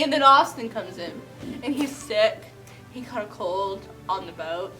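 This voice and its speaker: A woman's voice: medium pitch, lively intonation, unhurried, bright, forceful tone, soft background music. A woman casually retelling a play's plot in a chatty, giggly way. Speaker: comedic storyteller.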